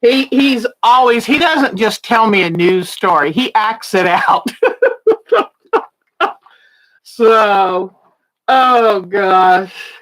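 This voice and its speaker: A woman's voice: medium pitch, very slow, pauses often, a bit bright. A woman hosting a quilting show in casual livestream chat, chatty and often giggling. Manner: chatty, giggly, chuckles between words.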